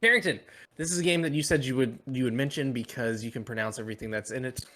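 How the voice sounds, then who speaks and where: A man hosting a casual podcast chat, talking easily with fillers and pauses. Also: medium pitch, pushed and bright. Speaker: podcast host.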